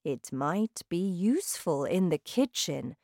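Woman as a gentle old grandmother. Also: on the low side, very animated, slow, dry recording, studio quality, exaggerated voice. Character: kind, protective old grandmother.

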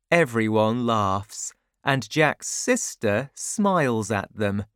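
Slow, low-voiced woman reading a storybook. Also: expressive, no room sound, clean studio sound. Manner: slow, clear, carefully paced reading. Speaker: narrator. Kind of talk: storybook narration for children.

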